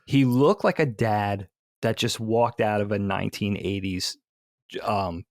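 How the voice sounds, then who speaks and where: A gravelly-voiced man from the Philadelphia area tells an animated story with quick asides. He is recorded on a dry, close podcast mic. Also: on the low side, no room sound. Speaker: podcast co-host. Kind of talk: casual chat, storytelling.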